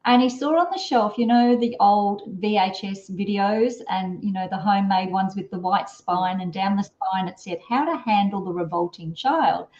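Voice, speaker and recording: A middle-aged woman spins a long, rambling story, full of fillers and restarts. Her voice sits at an ordinary pitch. The audio is dull and lo-fi, with a roomy echo around her. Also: moderate pace, few pauses, a little mellow. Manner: chatty, rambling, with many fillers and self-corrections. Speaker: parenting strategist guest. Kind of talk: storytelling in an interview.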